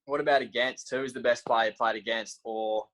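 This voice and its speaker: Chatty podcast host. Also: male voice, medium pitch, fairly even intonation, fairly bright tone, poor audio. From Australia. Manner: chatty, quick to laugh along. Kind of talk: casual interview chat.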